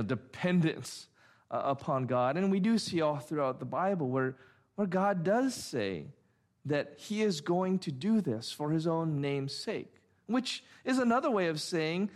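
A middle-aged man delivers a sermon in a slightly high voice. He reads scripture aloud and then explains it with emphatic, rhythmic repetition. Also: expressive, unhurried. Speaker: pastor.

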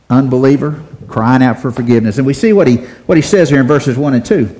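A man's voice: medium pitch, fast, few pauses, dark tone. A man preaching a sermon, asking the congregation rhetorical questions and repeating phrases for emphasis.

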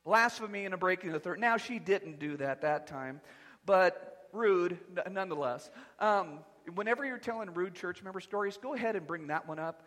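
A man preaching a sermon as pastor, animated and conversational with touches of humor. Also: high voice, moderate pace, long reverb tail. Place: church sanctuary.

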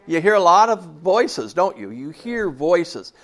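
A man's voice: high-pitched, sing-song, unhurried. A man in his sixties preaching a sermon to a church congregation in a folksy, conversational way, often asking them questions. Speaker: pastor.

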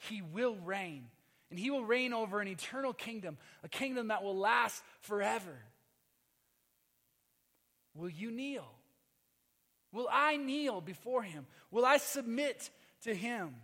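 A man preaching a sermon as a pastor, moving between loud emphatic lines and hushed quiet passages. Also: high voice, in a large hall. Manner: swings from loud emphatic to hushed, sings briefly. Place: church.

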